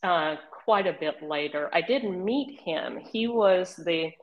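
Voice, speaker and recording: Older woman, Southern accent with Oklahoma drawl, lowish voice, lively storytelling, interview guest. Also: slow pace, lo-fi sound. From Northeast Texas region. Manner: animated, laughs while telling stories. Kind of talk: casual storytelling.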